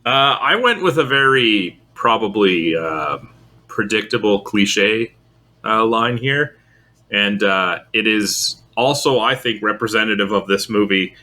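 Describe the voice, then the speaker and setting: A man co-hosting a film podcast, casually arguing his opinions with lively shifts in tone. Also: unhurried. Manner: opinionated, lively pitch swings, argues his points. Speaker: podcast co-host. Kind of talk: casual film review chat.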